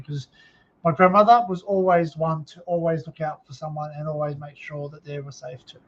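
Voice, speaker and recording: An Australian man tells a painful personal story on his live stream, stopping and restarting often and filling the gaps with ums. His voice sits a little high for a man. The audio is dull and lo-fi. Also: little pitch movement. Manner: halting, many fillers and restarts. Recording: dull lo-fi sound.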